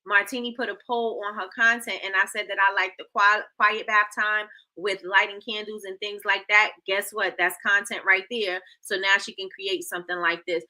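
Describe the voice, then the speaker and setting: A woman's voice: mid-range voice, little pitch movement, normal speed, hardly any pauses, pushed and bright. A woman hosting a casual livestream, playfully quizzing her chat and repeating herself, calling them y'all. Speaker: livestream host.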